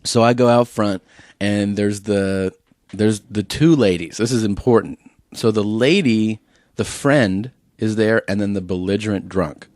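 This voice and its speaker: A man's voice: on the low side, unhurried, no room sound. A man hosting a comedy podcast, telling a story in casual chat and acting out what people said. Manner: animated storyteller acting out quotes.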